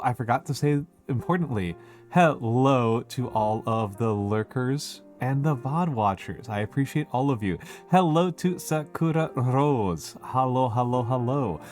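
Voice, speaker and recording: A man at a middle pitch chats casually on a live stream, drawing out his greetings and filling pauses with ums and uhs. His talk is loose and unhurried, and faint music plays low behind him. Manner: unhurried, drawn-out greetings with many fillers.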